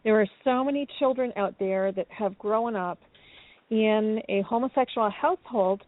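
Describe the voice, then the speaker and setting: A woman from Canada, a guest author on a radio interview, who answers in a measured way with frequent ums. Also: mid-range voice, dry recording. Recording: phone-like call-in audio.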